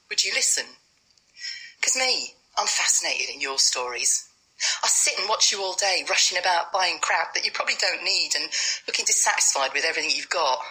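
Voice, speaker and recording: A woman plays a wry, bitter rough sleeper who talks to her dog in blunt street slang, swearing freely. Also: on the low side, pushed and bright, low-quality recording. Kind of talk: dramatic monologue.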